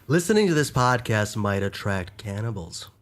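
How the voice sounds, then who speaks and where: A man's voice: lowish voice, animated, moderate pace. A man co-hosting a casual podcast from a bedroom, laid-back and playful. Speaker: podcast co-host.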